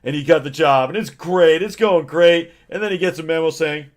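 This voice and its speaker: A man's voice: on the high side, moderate pace. Rambling, sarcastic man chatting on stream. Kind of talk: casual livestream chat.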